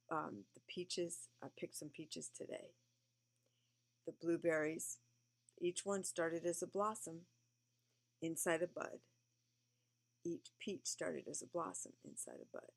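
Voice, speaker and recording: Tired lady reading poems to a kid, low gravelly voice, slow and swoopy. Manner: gentle, chatty asides to a young listener. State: sleepy, yawning. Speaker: reader to a child. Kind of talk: reading a picture book aloud.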